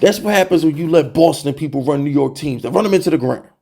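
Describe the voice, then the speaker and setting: Young male fan-channel host, slightly high, mellow voice, heated exasperated rant. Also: quick pace, vocal fry. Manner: animated, exasperated, repeats "bro" and rhetorical questions.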